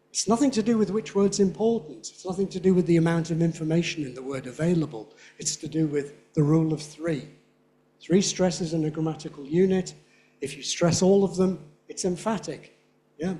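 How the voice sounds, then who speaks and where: A man giving a lively conference lecture, often checking in with his audience. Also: on the high side, brisk. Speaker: linguistics lecturer.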